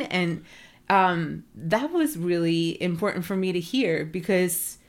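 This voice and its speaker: A woman's voice: lowish voice, expressive, slow pace. A woman in casual conversation, talking earnestly with lots of "like" and "you know". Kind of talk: casual podcast chat.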